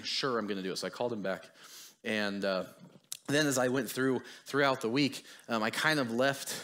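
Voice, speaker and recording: A man's voice: medium pitch, fairly bright tone. Chatty young man preaching a sermon. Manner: chatty, self-deprecating, laughs often. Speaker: guest preacher. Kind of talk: casual sermon.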